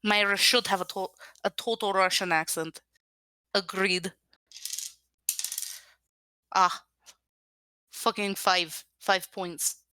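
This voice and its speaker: Slow-talking bright-voiced woman player. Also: mid-range voice, steady tone, smooth, dry recording. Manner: playful, banters, talks through her rolls. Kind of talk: playing a tabletop game, casual.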